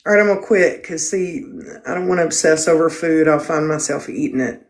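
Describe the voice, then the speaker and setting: A woman's voice: low voice, a little fast. A middle-aged woman hosting a casual livestream chat, blunt and self-mocking and swearing freely. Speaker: livestream host.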